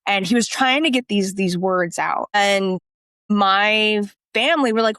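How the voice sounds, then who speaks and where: A woman's voice: medium pitch, a little slow, clean tone, no room sound. A woman co-hosting a podcast, telling a personal story in casual conversation and acting out what people said. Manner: animated storytelling, acts out quoted voices. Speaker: podcast co-host.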